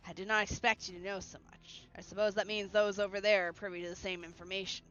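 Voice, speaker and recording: A stern, formal male knight who allows no disloyalty, as a woman reads him. The delivery is measured and formal, on a bright, sharp tone. Faint music plays under dull stream audio. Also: medium pitch, level tone, lightly acted.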